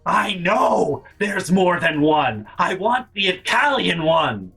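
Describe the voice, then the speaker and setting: A man's voice: high voice, big pitch swings, creaky, a bit bright, husky, distant mic, pitched above the performer's own voice, exaggerated voice, low-quality recording. Man doing a stubborn, angry mom. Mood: stubborn insistence. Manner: slow, insistent, exasperated. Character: stubborn angry middle-aged mother.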